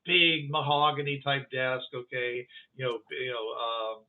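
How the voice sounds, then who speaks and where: A man's voice: medium pitch, unhurried. A man narrating a tabletop game as game master, rambling with lots of fillers and restarts. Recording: thin phone-like line.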